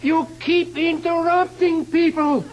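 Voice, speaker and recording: Bossy commander barking drills, lively pitch, noisy tape. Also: female voice, normal speed. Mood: barking commands. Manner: barking orders, then fussily lecturing. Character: bossy, pompous firing-squad commander and etiquette enforcer. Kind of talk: sketch comedy acting. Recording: noisy old TV recording.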